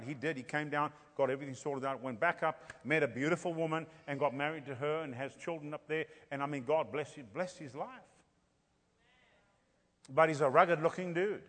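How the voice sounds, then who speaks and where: African-accented male preacher, fairly high voice, fervent storyteller, long hall reverb. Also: fairly quick, fairly bright tone. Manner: storytelling, rising to fervent emphasis. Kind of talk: sermon.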